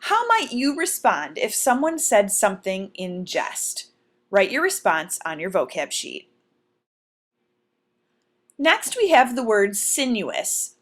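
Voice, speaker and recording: A woman teacher giving a recorded vocabulary lesson, explaining words clearly and deliberately and posing questions to her students. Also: on the high side.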